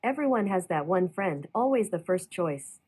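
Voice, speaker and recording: Mopey emo smart speaker lady, a woman doing the voice, flat sad delivery, bit of hiss behind. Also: lowish voice, normal speed, lightly acted, poor audio. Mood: gloomy. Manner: flat, sad, reciting bleak lines.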